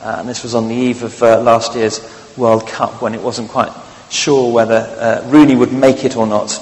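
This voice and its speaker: A man's voice: mid-range voice, little pitch movement, moderate pace, a little mellow, long reverb tail, low-quality recording. A man preaching a sermon, conversational and wry, with frequent fillers.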